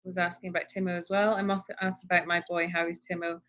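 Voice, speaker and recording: A woman's voice: fairly low pitch, level tone, fast talker, fairly bright tone. A woman co-hosting a live stream from an animal sanctuary, reading out viewer questions and answering plainly. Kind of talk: casual live-stream chat.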